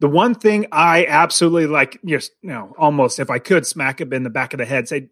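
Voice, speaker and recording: A man co-hosting a podcast from a basement, talking casually in a rambling, halting way and laughing often. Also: fairly high pitch, a bit bright, no room sound, clean studio sound. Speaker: podcast co-host. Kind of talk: casual chat. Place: home basement.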